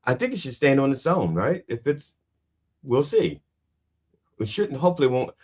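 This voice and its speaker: A man's voice: medium pitch, very animated, moderate pace, a little mellow, breathy edge. A man hosting a podcast who also performs stand-up, talking in a rambling, self-questioning way and swearing casually. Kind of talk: casual chat. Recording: roomy, distant mic.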